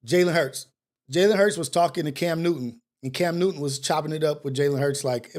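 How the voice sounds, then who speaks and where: A man's voice: fairly high pitch, brisk, darkish tone. A man hosting a talk show, delivering a preachy monologue with street slang and repeated rhetorical questions. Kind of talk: impassioned monologue.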